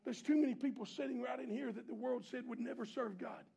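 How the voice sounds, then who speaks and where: Man, pastor, preaching a sermon in a church, very high voice, gravelly, calls out to the congregation, shifts from shouting to hushed. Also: fairly even intonation, fast talker, background noise. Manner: impassioned preaching, swings between shouting and hushed, low delivery; repeated call-and-response exhortations to the congregation.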